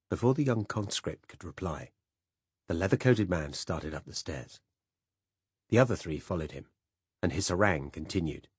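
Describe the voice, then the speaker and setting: A man narrating a first-person spy novel as an audiobook in a measured, even way. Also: sits low, husky, no room sound, studio quality.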